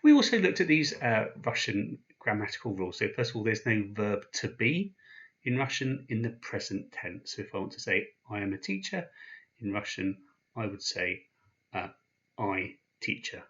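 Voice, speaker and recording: A man teaching a language lesson, patient and slow, pausing after each sound he spells out. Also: lowish voice, lively intonation, a bit bright, muffled recording. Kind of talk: explaining slowly, with pauses.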